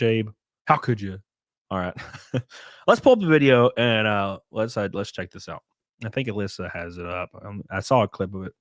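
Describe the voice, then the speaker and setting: A man's voice: mid-range voice, no echo, studio quality. A man live-streaming, chatting casually with his viewers, swearing, laughing and thanking them as he goes.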